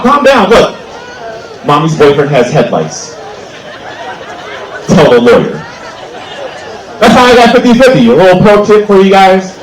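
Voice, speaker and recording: A man's voice: a little high, reverberant, rough recording. A young adult man doing a stand-up comedy set on an outdoor stage, rambling with many "like"s and restarts, into a handheld mic.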